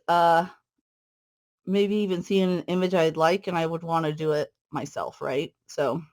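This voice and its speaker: A woman's voice: deep voice, darkish tone. A woman hosting a casual cross-stitch video, chatting in a friendly, rambling way with fillers while she stitches. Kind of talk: casual stitch-along chat.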